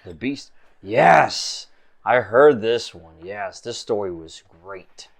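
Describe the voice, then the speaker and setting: A man's voice: on the low side, lively intonation, slow, creaky, heavily acted. A man voicing a flamboyant male arena grandmaster in a tabletop game, with theatrical, enthusiastic proclamations. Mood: excited.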